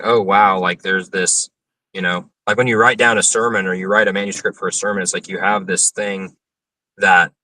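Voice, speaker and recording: An earnest young man explains scripture at length, backing up and restarting as he thinks. His voice is bright and forceful, set somewhat low. It sounds dry and a little distant from the mic. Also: dry recording. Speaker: interview guest, open-air preacher. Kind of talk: explanatory interview answers on theology.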